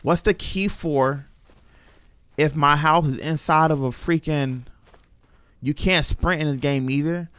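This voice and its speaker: A man's voice: a little high, measured pace, long pauses, fairly bright tone, clear, resonant tone. A young man streaming a horror game, chatting nervously to his viewers in casual slang. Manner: chatty, jittery, talks to chat in slang. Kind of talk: live horror game commentary.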